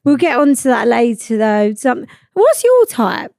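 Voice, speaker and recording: A woman's voice: on the high side, very animated, a little slow, creaky, a little mellow, dry recording, studio quality. A young woman hosting a podcast, firing off bubbly, nosy questions at her guests. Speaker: podcast host. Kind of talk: casual podcast interview.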